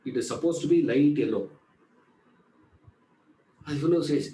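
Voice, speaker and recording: A man's voice: medium pitch, expressive, moderate pace, warm tone. Echoey man teaching a class. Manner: conversational, repeats "you know", asks rhetorical questions and answers them. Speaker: Vedanta teacher. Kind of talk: spoken class lecture.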